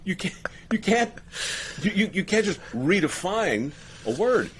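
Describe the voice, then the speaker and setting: A man's voice: sits high, very animated, unhurried, background noise. A man hosting a podcast, talking emphatically and laughing often in casual conversation. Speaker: podcast host.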